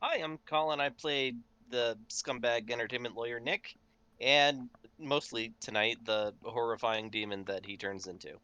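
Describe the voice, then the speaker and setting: Jokey player man, bright voice, dry close sound. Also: mid-range voice, normal speed, clear, resonant tone, no echo, highs cut off. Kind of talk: casual self-introduction.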